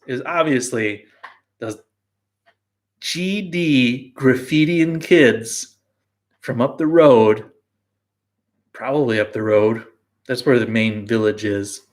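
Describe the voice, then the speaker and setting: A man's voice: lowish voice, fairly bright tone. A man hosting a casual live beer show from his brew house, rambling and joking at his own expense with frequent laughs. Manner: rambling, self-mocking, laughs often. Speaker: beer blog host.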